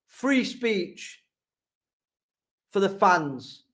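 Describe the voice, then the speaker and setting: A man from Sheffield hosts a live football fan stream. He reads out viewer comments and answers them bluntly in a chatty tone, and his voice sits fairly high for a man. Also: extremely slow, long pauses. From England. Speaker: fan channel host.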